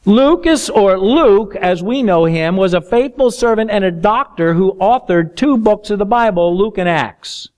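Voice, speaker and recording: A man preaching a Bible study sermon, expressive, acting out the scripture quotes. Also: high-pitched, a little slow, hardly any pauses.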